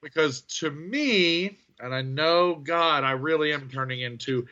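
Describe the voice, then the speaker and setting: A man co-hosting a podcast, talking through his thoughts on wrestling in a thoughtful, hesitant way with many pauses. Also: a little high, pushed and bright, lo-fi sound. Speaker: podcast co-host. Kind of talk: casual wrestling review chat.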